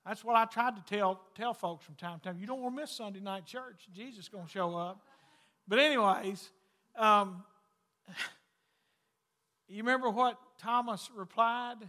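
High, bright-voiced preacher in a hall. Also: male voice, a little slow, long pauses. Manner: folksy preaching, swings from loud to hushed. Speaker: pastor. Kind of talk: sermon.

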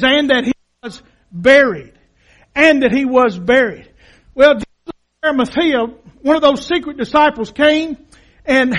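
High-voiced impassioned preacher man. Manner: impassioned, dramatic, swings from hushed to shouting. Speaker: pastor. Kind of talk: sermon. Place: church sanctuary.

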